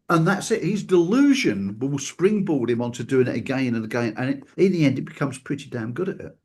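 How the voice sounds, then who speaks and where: Husky-voiced male host, animated storyteller who acts out quotes. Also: medium pitch, brisk, few pauses. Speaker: talk show host. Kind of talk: casual chat.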